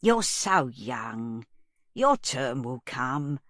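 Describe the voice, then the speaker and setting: A woman's voice: very deep voice, very animated, very slow, dry recording, studio quality, voice pushed down, exaggerated voice. A woman voicing a guileless, kindly older woman who chats homely and mild. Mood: gentle.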